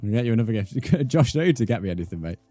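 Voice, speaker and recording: A laid-back game streamer talks casually with his livestream viewers as he plays, calling them mate. His voice is on the low side and mellow, with big pitch swings and a very fast pace. The recording has no echo and faint music behind him.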